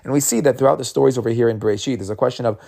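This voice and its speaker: A man with a gravelly, dark and mellow voice gives an informal Torah talk. He speaks in a loose, conversational way, often repeating words as he restarts a thought. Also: mid-range voice, racing. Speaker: Torah teacher. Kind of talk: casual weekly Torah talk.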